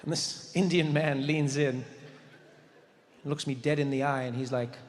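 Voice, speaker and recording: A man performing stand-up comedy, animated and telling a story while acting out characters and voices. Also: mid-range voice, a little slow. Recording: echoey hall, noisy room.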